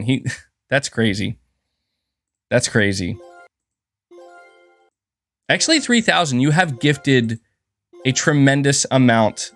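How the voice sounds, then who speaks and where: A man's voice: mid-range voice, a bit bright, no echo. A man hosting a casual gaming livestream, rambling and thanking viewers, with a sore throat. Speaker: gaming channel host.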